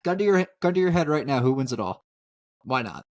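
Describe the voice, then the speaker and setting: A man co-hosting a casual sports podcast, animated and quick to laugh, often talking over his partner. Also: mid-range voice. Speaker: podcast co-host.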